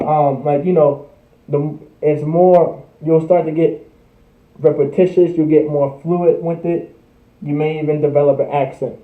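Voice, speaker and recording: A young man teaching a livestreamed language class, repeating words over and over in a casual, conversational way. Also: fairly high pitch. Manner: repetitive drilling, casual conversational asides. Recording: tinny phone-like audio in an echoey room.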